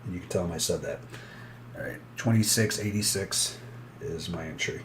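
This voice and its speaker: A man's voice: low voice, normal speed, background noise. A man giving casual, blunt commentary as he trades live and talks straight to his viewers.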